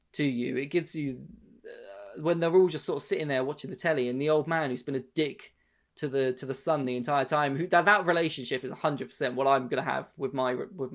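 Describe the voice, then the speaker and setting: A man's voice: a little high, gravelly. A man co-hosting a podcast, chatting casually, rambling with many restarts and swearing freely. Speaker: podcast co-host. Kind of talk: casual chat.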